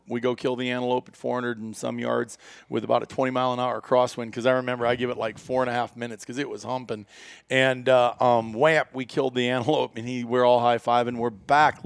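A middle-aged man with a gravelly, fry-laden voice, recorded in a dry space. He tells a story in a casual interview, rambling and full of ums, uhs and restarts. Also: medium pitch, no room sound. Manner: rambling, many fillers and restarts. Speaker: company founder.

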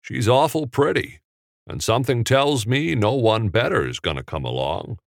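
A man's voice: medium pitch, lively intonation, normal speed, vocal fry, no echo, studio quality, voice pushed up. A man playing a good-humored veteran male film star who speaks with a folksy drawl. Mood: teasing.

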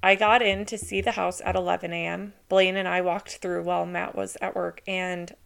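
Chatty woman podcaster with gravelly fry. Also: on the low side, moderate pace. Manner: chatty, excitable, many "like" fillers; introverted by her own account. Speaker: podcast host. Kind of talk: solo podcast storytelling.

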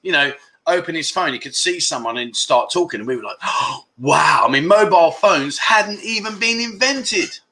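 Chatty man with a bright voice. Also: high-pitched, animated. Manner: rambling, jokey, reads viewer comments aloud with quick asides. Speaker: livestream host. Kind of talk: casual livestream chat.

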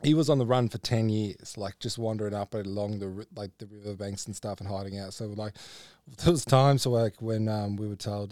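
Rambling Australian storyteller bloke. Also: male voice, on the low side, brisk, mellow, no echo, studio quality. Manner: rambling storyteller, laughs often. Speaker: podcast co-host. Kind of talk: casual chat.

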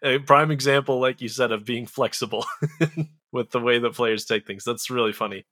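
A man's voice: on the low side, sharp tone, no echo, studio quality. A man hosting a casual podcast chat, easygoing and laughing along.

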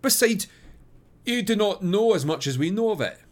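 A man's voice: sits high, animated, normal speed, voice pushed up. A man reading aloud, voicing a landlady's firm, earnest young daughter. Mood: urgent.

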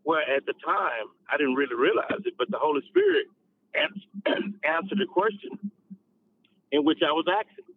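A man, a pastor, shares his testimony in a fairly high voice that swings up and down with lively energy. He repeats words and restarts as he goes. The sound is dry and narrow, like a phone line. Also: normal speed, pauses often, husky, dry recording. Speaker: associate pastor. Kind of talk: personal testimony storytelling.

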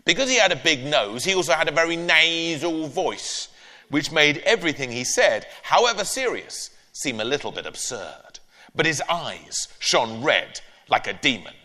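A man's voice: a little high, sing-song, moderate pace, bright, forceful tone. A man, an author, reading his own storybook aloud expressively to an audience, then answering interview questions. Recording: echoey live hall.

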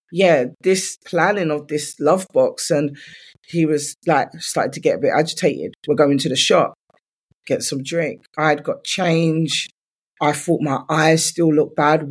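A woman's voice: deep voice, a little slow, breathy edge. A woman, a guest in an interview, candidly retelling her own story in loose speech full of "like" fillers.

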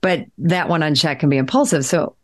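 A woman's voice: deep voice, brisk. A woman in a podcast conversation, telling a long story in a rambling way, full of fillers and restarts.

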